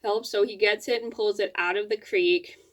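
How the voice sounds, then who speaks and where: A woman's voice: medium pitch, steady tone, normal speed. A woman vlogger telling a personal story to camera at home, rambling, with frequent restarts and fillers.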